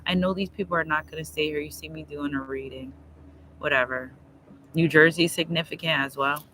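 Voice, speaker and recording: Bright-voiced man giving a tarot reading. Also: fairly high pitch, fairly even intonation, a little fast, slight background noise, rough recording. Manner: emphatic, slangy, talks straight to viewers. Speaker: tarot reader. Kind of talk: live tarot reading stream. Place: outdoors.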